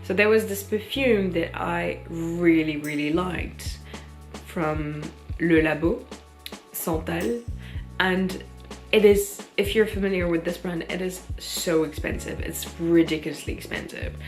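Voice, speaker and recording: A woman with a French accent talks casually to camera, her voice on the lower side. She pauses often with little ums and keeps a relaxed, chatty flow. Soft music plays faintly behind her. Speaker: vlogger. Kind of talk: casual vlog chat. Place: London.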